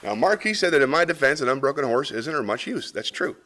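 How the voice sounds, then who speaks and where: A man hosts a live variety stream, chatting casually with viewers, reading their comments aloud and joking about them playfully. His medium-pitched voice has big pitch swings and a quick pace, against a noisy background.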